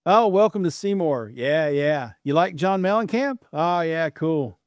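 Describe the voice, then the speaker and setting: A chirpy small-town local, put on by a man, all friendly welcome and easy nods. He is raised and bright in pitch but bluntly frank, and the recording is close and dry. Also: animated, a little slow, no room sound.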